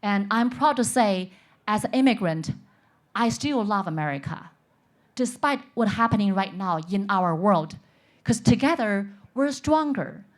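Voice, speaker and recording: A woman from China speaks on a conference panel as an insurance expert. She tells stories in an earnest way, at a middling pitch. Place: conference stage.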